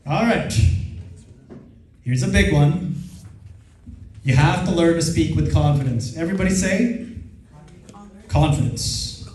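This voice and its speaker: A fairly high-voiced man from the Philippines, a native Filipino speaker, gives an energetic motivational seminar and gets the audience to repeat his lines. His voice rings through a very echoey hall, picked up from some distance. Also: slow pace, pauses often. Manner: energetic, laughs often, leads the crowd in repeating lines. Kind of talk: motivational seminar talk with call-and-response. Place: large event hall with a live audience. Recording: echoey hall, voice far from the mic.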